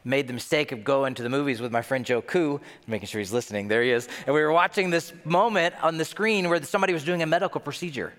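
A young man preaching a sermon, animated and playful, telling stories and acting out voices. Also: fairly high pitch, quick pace, few pauses. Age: young adult. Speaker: pastor. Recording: long hall reverb.

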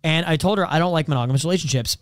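A man's voice: on the high side, very fast, no room sound, clean studio sound. A young man chatting as a podcast co-host, telling crude stories bluntly and acting out quotes. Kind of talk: casual chat.

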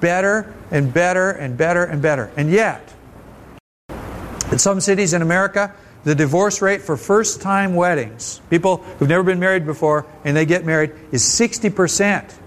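A man's voice: high voice, normal speed, a little hiss or hum. A man preaching a conversational, folksy sermon at a church service, often restarting his phrases. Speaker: pastor.

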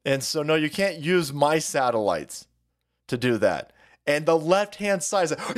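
Lively foul-mouthed male streamer. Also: fairly high pitch, a little slow. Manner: loud, laughing, mocking, foul-mouthed. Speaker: streamer host. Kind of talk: rambling political stream rant.

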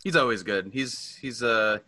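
A young man co-hosting a casual film podcast, talking in halting bursts with lots of fillers and teasing jokes. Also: medium pitch, pushed and bright, no echo. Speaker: podcast co-host.

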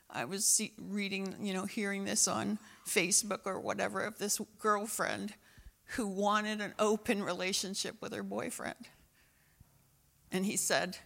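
A woman's voice: mid-range voice, creaky, a bit bright. A woman pastor preaching a sermon and praying, impassioned and repeating phrases for emphasis. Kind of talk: sermon with prayer.

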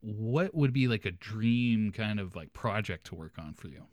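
Young male podcast host, casual storyteller, animated, close dry mic. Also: on the low side, moderate pace, no echo. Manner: animated, laughs through his story.

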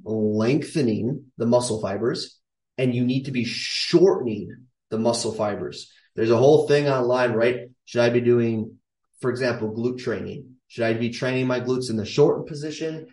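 A man's voice: medium pitch, a little mellow. A man in his thirties coaching on strength training in a casual, emphatic way, repeating his key points. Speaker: fitness coach. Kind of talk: casual instructional talk to camera. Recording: echoey room, voice from a distance.

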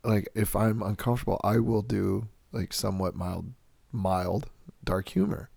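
A woman co-hosting a casual chat, with a dry, deadpan sense of humor. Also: extremely low pitch, unhurried, gravelly, breathy edge, no echo. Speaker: podcast co-host.

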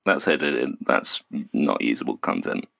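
Low-voiced joking podcast host man. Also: sing-song, a little slow, vocal fry, pushed and bright, dry recording. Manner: joking, teasing banter. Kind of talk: casual podcast chat.

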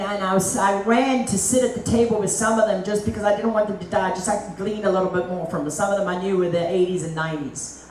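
A woman evangelist from Africa preaching a sermon at an evening meeting, animated and acting out the voices of God and other people. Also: mid-range voice, a little hiss or hum. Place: meeting hall. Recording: roomy, distant mic.

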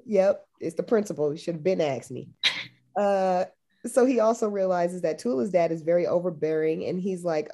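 A woman's voice: fairly low pitch, moderate pace, warm tone. A woman co-hosting a podcast in casual chat, laid-back and chatty, recapping a movie with dry asides. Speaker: podcast co-host.

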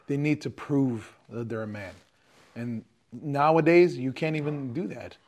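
A man's voice: mid-range voice, unhurried, darkish tone. A man from Jordan co-hosting a casual podcast, talking in a hesitant, reflective way with many fillers. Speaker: podcast co-host. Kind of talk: casual chat.

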